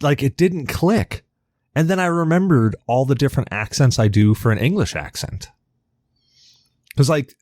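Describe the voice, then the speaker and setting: A man's voice: mid-range voice, darkish tone, no echo. A man co-hosting a podcast in rambling, casual chat, swearing now and then, from the New York area. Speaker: podcast co-host.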